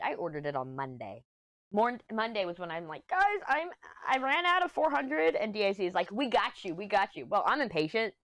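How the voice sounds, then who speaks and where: With a low-pitched, clean-toned voice, a middle-aged diamond painting vlogger chats casually while crafting. She rambles through a story and giggles a lot.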